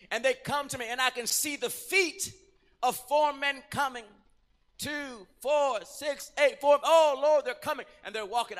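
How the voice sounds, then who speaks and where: High-voiced, bright preaching pastor. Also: male voice, long reverb tail. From Puerto Rico. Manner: dramatic storytelling, acting out scenes, rising to shouts. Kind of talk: sermon. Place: church.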